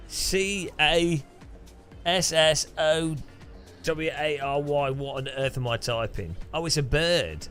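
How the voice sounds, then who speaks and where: A streamer host with a slightly high, somewhat bright voice speaks slowly, faint music playing behind him. While racing, he reads viewer donations and responds in a bemused, chatty way, laughing often and swearing.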